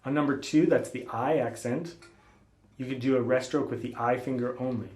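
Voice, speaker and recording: A man giving a classical guitar lesson, explaining technique calmly and patiently and calling out finger letters. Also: mid-range voice, normal speed. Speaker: guitar teacher. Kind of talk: spoken instruction between playing. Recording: roomy sound with guitar playing.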